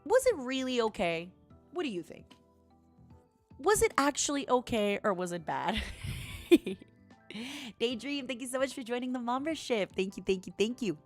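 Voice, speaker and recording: A woman's voice: on the high side, lively intonation, normal speed, pauses often, faint music behind. A woman streamer in casual chat, telling a story dramatically and animatedly.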